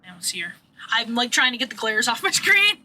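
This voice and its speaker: A woman's voice: on the high side, very animated, fairly quick, pushed and bright, rough recording. A woman streaming a horror game, reading its narration aloud and tossing in irreverent, profane jokes between the lines. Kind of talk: live game playthrough with read-aloud narration.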